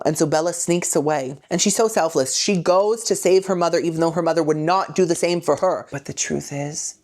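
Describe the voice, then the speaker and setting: A man's voice: a little high, a little fast, hardly any pauses, a little mellow. A man hosting a comedic movie retelling, full of sassy, campy asides. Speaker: host.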